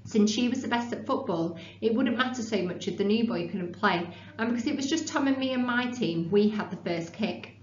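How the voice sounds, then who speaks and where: A woman teacher explaining punctuation and reading a novel aloud in a clear, measured way, recorded in a classroom. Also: mid-range voice. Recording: echoey room, dull sound, faint hum.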